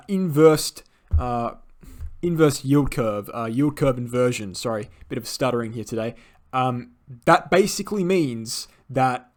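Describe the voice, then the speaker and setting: A man giving chart analysis commentary on a market, emphatic and insistent, often ending points with a tag question and filling pauses with "uh". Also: medium pitch. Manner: emphatic, insistent, frequent "right?" and fillers.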